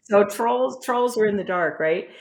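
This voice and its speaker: A woman's voice: medium pitch, lively intonation, measured pace. A woman guest speaking as an expert on a podcast, explaining earnestly and often checking in with "right?" and "you know". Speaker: guest expert on self-esteem. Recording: roomy echo.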